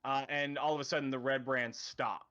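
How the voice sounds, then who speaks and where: A man narrating a tabletop game as dungeon master, halting with many fillers. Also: medium pitch, steady tone, bright, forceful tone, muffled recording.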